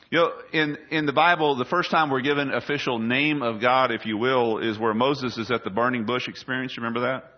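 A man preaching a sermon as a pastor, swelling loud and high when quoting scripture and dropping low and quiet for asides. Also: steady tone, brisk, few pauses, dull audio.

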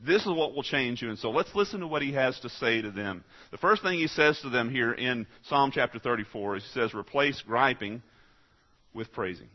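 Male pastor, mid-pitched voice, folksy and emphatic sermon delivery with big swings in loudness, slightly muffled recording. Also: animated, moderate pace. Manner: swings from quiet asides to loud exhortation.

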